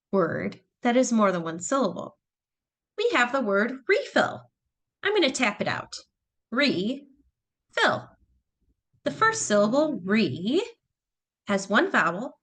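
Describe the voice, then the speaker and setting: A woman's voice: on the high side, fairly bright tone. A woman teacher explaining phonics patiently, step by step. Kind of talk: phonics lesson narration.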